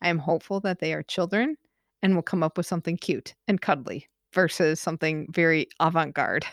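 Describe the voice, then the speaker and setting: A woman's voice: sits low, brisk, no room sound, studio quality. A woman co-hosting a podcast, chatting casually and laughing often. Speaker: podcast co-host.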